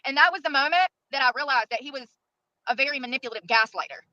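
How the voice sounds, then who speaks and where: A woman's voice: sits high, quick pace, bright, forceful tone, no echo. A woman vlogging from her car, talking in an aggrieved, complaining way. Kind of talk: vlog monologue. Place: car in a gas station parking lot. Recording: dull lo-fi clip audio.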